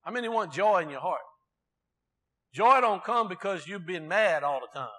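A man's voice: high voice, lively intonation, normal speed, pushed and bright. A man preaching a sermon in a conversational way, asking the congregation rhetorical questions.

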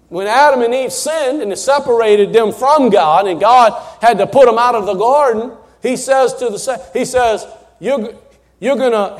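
Pastor, male, fairly high voice, folksy sermon delivery, loud bursts then quiet asides. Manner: emphatic, swinging between loud bursts and soft asides; folksy, conversational preaching with rhetorical questions. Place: church before a congregation.

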